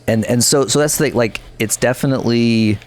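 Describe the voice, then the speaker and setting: A man's voice: mid-range voice, fairly quick. A man co-hosting a podcast, talking casually about music with rambling, opinionated remarks. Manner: rambling, opinionated, frequent restarts. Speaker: podcast co-host. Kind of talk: casual chat.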